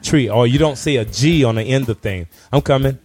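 A man's voice: mid-range voice, fairly quick, darkish tone, faint music behind. A man from Louisiana chatting casually on a podcast, laughing often and mimicking how people talk back home. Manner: laughing storyteller, mimics local speech. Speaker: podcast co-host. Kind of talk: casual chat.

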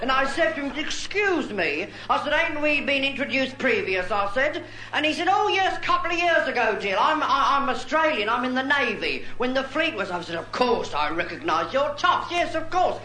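A man's voice: extremely high pitch, sing-song, moderate pace, hardly any pauses, sharp tone, full character voice. Man doing a brassy bawdy showgirl. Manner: bawdy, chatty, camp asides. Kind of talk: stand-up drag comedy. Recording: roomy club recording with crowd noise.

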